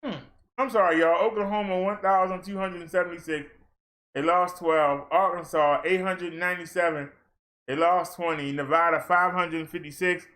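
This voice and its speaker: Man from Maryland, high voice, casual livestream, reads off numbers, playful asides. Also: bright, forceful tone. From Maryland, USA. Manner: playful, throws in asides and exclamations between numbers. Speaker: fitness streamer. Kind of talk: casual livestream rundown of daily figures.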